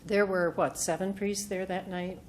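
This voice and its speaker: A woman speaker at a retreat, telling a personal story in an animated way and acting out what others said. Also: mid-range voice, moderate pace, slight background noise. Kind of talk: personal testimony talk. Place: retreat meeting room.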